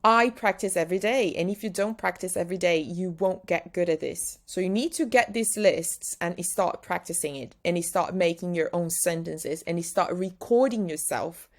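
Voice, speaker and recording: A young Brazilian woman with a British-style English accent, teaching pronunciation and saying each practice word slowly and emphatically. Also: fairly low pitch. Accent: Brazilian, speaking British-style English. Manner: drills words slowly and emphatically, exaggerated articulation. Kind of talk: pronunciation lesson.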